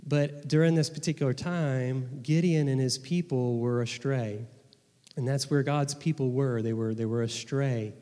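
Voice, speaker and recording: A man's voice: medium pitch, steady tone, unhurried, mellow. A man preaching a sermon as pastor, earnest, often repeating words as he restarts a phrase. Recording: long reverb of a hall.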